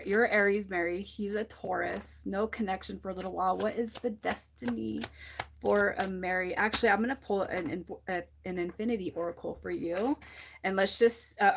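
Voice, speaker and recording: A woman's voice: medium pitch, vocal fry, background noise. A woman giving a live tarot reading to viewers, candid and emotional, swearing freely and restarting her sentences, close to tears. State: teary, close to crying. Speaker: tarot reader on a livestream.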